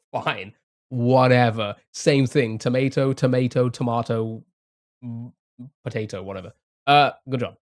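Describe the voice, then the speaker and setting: A young man with a medium-pitched, unhurried voice streams a game live. He thinks aloud, chats with viewers, and laughs often in casual stream commentary.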